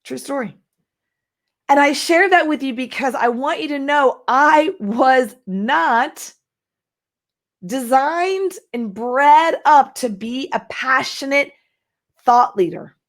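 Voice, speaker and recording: High-voiced, emphatic woman from Texas. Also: slow. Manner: energetic, emphatic, reads chat comments aloud. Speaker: marketing coach. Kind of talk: live masterclass talk.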